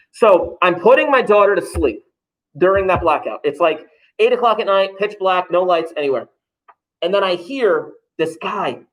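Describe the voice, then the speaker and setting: A man's voice: sits high, a bit bright, rough recording. A man, a math teacher joking through first-day rules for his class. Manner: joking, offhand, self-mocking asides. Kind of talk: classroom talk to students, livestreamed.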